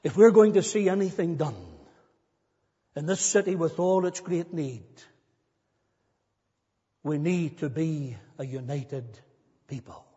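Husky high-voiced pastor preaching in reverb. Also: male voice, animated, takes it slowly, long pauses, dark tone. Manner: earnest, building to emphatic repetition. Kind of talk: sermon. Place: church. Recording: long church reverb, dull lo-fi sound.

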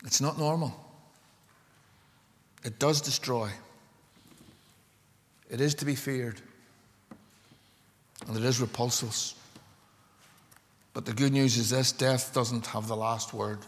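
A man's voice: medium pitch, steady tone, slow pace, long pauses. A male preacher delivers a fervent sermon, pressing his points with rising emphasis. His voice trails off into the long echo of a large church. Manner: impassioned, building to emphatic climaxes.

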